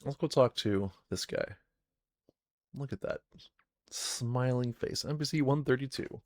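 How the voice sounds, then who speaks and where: A man's voice: medium pitch, measured pace, no room sound, clean studio sound. A man narrating a solo tabletop game on a live stream, reading game text aloud and chatting to himself as he plays.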